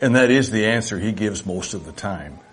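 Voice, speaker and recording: A man's voice: lowish voice, lively intonation, moderate pace, slightly rough. An older man preaching a sermon to his church, folksy and reflective, sometimes acting out little dialogues. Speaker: pastor.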